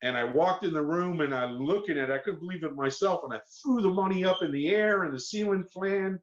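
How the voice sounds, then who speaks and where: A middle-aged man with a Southern accent, spinning an animated story and slipping into the voices of the people in it. His voice sits a little high for a man. The sound is a bit muffled, like a lo-fi podcast track. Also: a little fast, slight background noise. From Miami, Florida. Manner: animated storyteller who acts out quoted voices. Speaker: guest. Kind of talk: storytelling interview. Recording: slightly muffled podcast audio.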